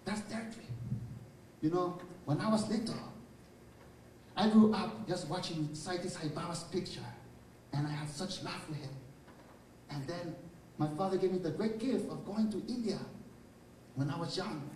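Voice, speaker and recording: A man's voice: high voice, normal speed, pauses often, darkish tone, slight background noise. A spiritual teacher, a man, giving an inspirational lecture in a hall and telling personal stories in an earnest, reflective way. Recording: roomy hall, speaker far from mic, faint ambience.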